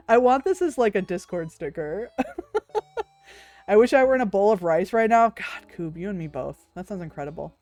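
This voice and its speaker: A woman's voice: mid-range voice, animated, moderate pace, darkish tone, dry recording, soft background music. Giggly woman streamer chatting. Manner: giggly, swears freely, coos over cute things. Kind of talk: casual chat with stream viewers.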